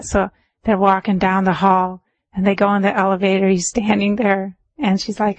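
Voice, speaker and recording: A woman meditation teacher giving a dharma talk, telling stories in a chatty way with laughs and easing into a calm, measured pace. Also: medium pitch, dry recording, rough recording.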